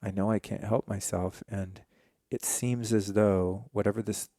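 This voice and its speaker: A man's voice: fairly low pitch, measured pace, no echo, studio quality. A man in his forties, a podcast guest, candidly telling a personal story in a casual, profane way. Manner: candid, profane, animated retelling.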